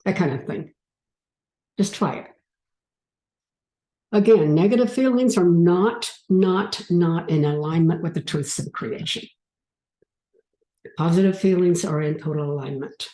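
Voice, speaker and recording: Woman, spiritual speaker, slow and mellow, coaxing, roomy echo. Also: on the low side. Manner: unhurried, gently coaxing, talks to the audience. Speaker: speaker leading a group exercise. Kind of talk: spiritual talk with guided exercise.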